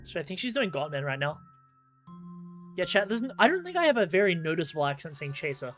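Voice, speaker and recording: A man's voice: fairly high pitch, sing-song, fast, a bit bright, faint music behind. A man with an Australian accent giving rambling live commentary while he plays a game and talks to his chat. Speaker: gaming streamer.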